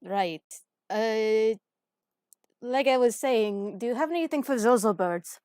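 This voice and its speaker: A woman's voice: on the high side, animated, warm tone, no echo, clean studio sound. A woman playing a tabletop game who laughs often between her lines. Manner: giggly, slow-spoken. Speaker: player.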